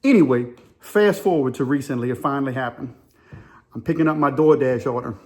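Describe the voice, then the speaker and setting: A man's voice: mid-range voice, a little fast, a little mellow. A man telling a casual, rambling story in colloquial talk. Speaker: vlogger.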